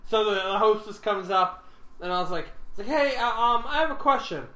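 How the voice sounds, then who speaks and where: Bright joky guy telling a story on a podcast, kinda echoey. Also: high voice, expressive, brisk. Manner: joking storyteller, laughs often. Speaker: podcast co-host. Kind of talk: casual chat. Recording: echoey room.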